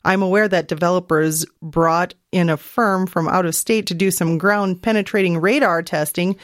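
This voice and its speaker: A woman co-host tells a strange local story in an easy, matter-of-fact way, slipping in a pun now and then. Her voice sits low for a woman. The recording is close and dry. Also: fairly even intonation, normal speed, dry recording. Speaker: podcast co-host. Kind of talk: casual podcast chat.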